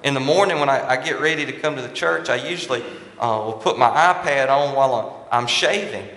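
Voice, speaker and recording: A man's voice: medium pitch, brisk, a bit bright. A man preaching a sermon from the pulpit, stressing and repeating his key points. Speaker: pastor. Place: large church sanctuary. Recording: echoey church hall with long reverb.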